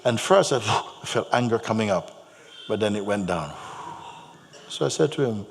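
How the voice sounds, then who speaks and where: A man giving a spiritual talk to an audience, telling stories gently and repeating his phrases, with soft laughs. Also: lowish voice, lively intonation, normal speed, creaky, pauses often. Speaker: spiritual teacher. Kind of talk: spoken teaching to an audience. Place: large hall. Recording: long hall reverb, faint hum.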